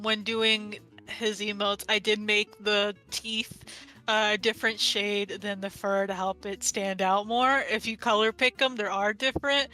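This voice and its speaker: A woman artist chatting casually on a stream, excitable and giggly, talking in bursts. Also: mid-range voice. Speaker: vtuber artist on a panel.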